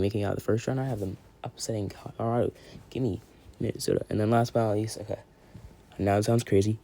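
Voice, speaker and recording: A man hosting a casual solo sports podcast, rattling off hockey predictions in a rambling, excitable way and often restarting mid-sentence. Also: on the low side. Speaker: podcast host.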